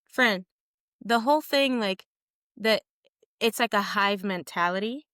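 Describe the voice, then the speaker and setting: A young woman co-hosting a podcast in casual chat, animated and jokey, acting out quotes. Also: medium pitch, unhurried, dry recording, clean studio sound. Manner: animated, jokey, calls co-host "friend", acts out quotes. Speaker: podcast co-host.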